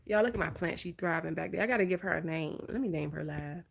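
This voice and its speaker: A woman with a Southern American accent from Georgia, hosting a casual live-stream chat in an animated, expressive voice. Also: on the low side, fast, creaky. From Georgia, USA. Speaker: vlogger, host.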